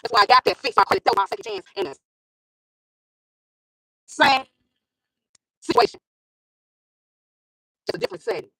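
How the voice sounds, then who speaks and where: A woman's voice: medium pitch, expressive, moderate pace, pauses often, sharp tone, husky, no room sound, low-quality recording. A woman vlogger with a school-age son, telling her own story in a casual monologue and repeating phrases for emphasis. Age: adult with a school-age son.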